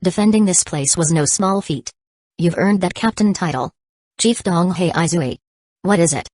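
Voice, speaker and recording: A woman narrating an audiobook in an even, steady reading voice. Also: lowish voice, measured pace, dry recording, studio quality. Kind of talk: scripted narration.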